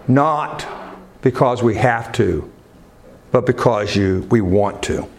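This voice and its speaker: A man's voice: mid-range voice, slow, a little hiss or hum. A man preaching a sermon to a congregation, asking questions and answering them himself. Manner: preaching with call-and-response questions. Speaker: pastor.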